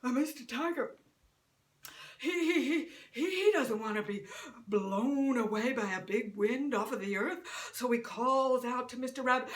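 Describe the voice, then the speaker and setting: Slow, sing-song woman storyteller. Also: a little high. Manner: rhythmic, sing-song, dramatic pauses. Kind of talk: folk tale storytelling. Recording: roomy echo, mic at a distance.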